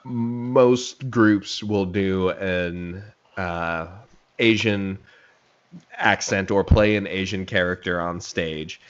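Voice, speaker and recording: A man's voice: low-pitched, slow pace. A man co-hosting a casual chat, making dry joking asides. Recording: dull lo-fi recording.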